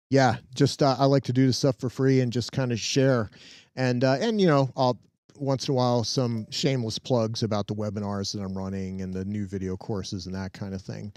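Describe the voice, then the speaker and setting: A man's voice: mid-range voice, a little mellow, clear, resonant tone, no echo, clean studio sound. A man hosting a casual live-stream tech demo from his home lab, chatty and upbeat as he talks to viewers while he works. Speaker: host and tech trainer.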